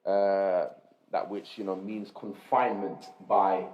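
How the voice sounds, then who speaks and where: A man reading a religious text aloud to a class in a measured, explanatory way, stopping to gloss Arabic terms. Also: deep voice, little pitch movement. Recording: roomy, dull lo-fi recording.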